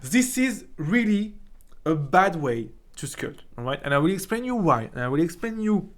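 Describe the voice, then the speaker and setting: A young man from France with a French accent, casually teaching 3D software in a chatty way, often tagging "right?" and restarting his sentences. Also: high voice, big pitch swings, moderate pace. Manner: chatty, frequent "right?" tags, many restarts. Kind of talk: casual screen-recorded software tutorial.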